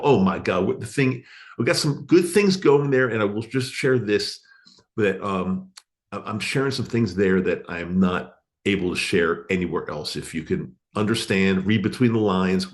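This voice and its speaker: A man's voice: low-pitched, lively intonation, moderate pace. A man hosting his podcast alone, talking in an earnest, encouraging way and repeating his phrases, into a studio microphone. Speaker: podcast host. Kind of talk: casual podcast monologue.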